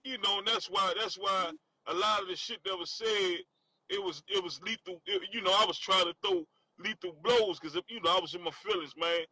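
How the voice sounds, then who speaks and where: A man's voice: high-pitched, fairly quick, bright, forceful tone, low-quality recording. A man from Washington, D.C., with a D.C. accent that has a Southern, country tinge. He hosts a candid conversation and rambles, with constant fillers. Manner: rambling, with constant "you know what I'm saying" fillers.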